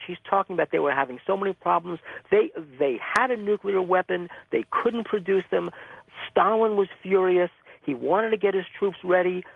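A male interview guest, a magazine publisher, telling stories in an animated, vivid way over a phone-line call. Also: high-pitched, vocal fry, no room sound. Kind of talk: storytelling interview answers.

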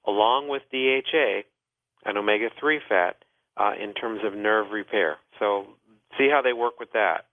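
A doctor hosts a call-in health radio show, giving advice and explaining at length with many "uh" fillers. His voice is lowish and at a normal speed. The sound is thin, dry and phone-like, with no room sound.

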